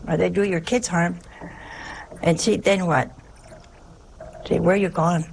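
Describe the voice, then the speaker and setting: A woman's voice: lowish voice, fairly even intonation, unhurried, vocal fry, darkish tone, slight background noise. A woman, a religious sister, giving a sermon in an emphatic way, posing rhetorical questions and dropping at times into a whisper.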